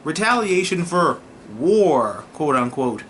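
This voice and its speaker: A young man casually reviewing a TV episode, excitable and profane, often slipping into mocking voices. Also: fairly high pitch, slow pace, a little hiss or hum. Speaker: TV review vlogger.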